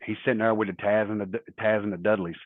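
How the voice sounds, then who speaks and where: Middle-aged male guest, lowish voice, anecdotal and rambling, phone-quality audio. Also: fairly even intonation, quick pace, dry recording. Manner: rambling anecdotal storytelling with quoted dialogue. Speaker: interview guest, former wrestler. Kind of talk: casual storytelling interview. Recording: tinny phone-like line, dry.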